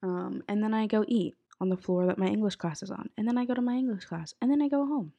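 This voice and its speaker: A woman's voice: mid-range voice, fast talker, creaky, mellow. A young woman hosting a podcast, chatting casually with lots of fillers, a bit sick. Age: young adult. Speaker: podcast host. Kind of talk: casual chat. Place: college apartment bedroom.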